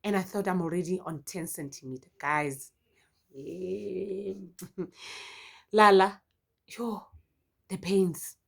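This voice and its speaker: A South African woman with a South African accent telling a personal story in a casual vlog, expressive and full of exclamations. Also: on the low side, takes it slowly, gravelly, long pauses, slightly rough. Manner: expressive, exclamatory, frequent "yo" interjections. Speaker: YouTuber.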